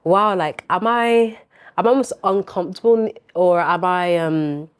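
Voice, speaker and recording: A teenage girl hosts a casual talk show with a mixed London and Northern Irish accent. She speaks animatedly in a slightly low voice. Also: steady tone, normal speed, clear, resonant tone. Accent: mix of London and Northern Irish. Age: teens. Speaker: talk show host, leads the questions. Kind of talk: casual chat.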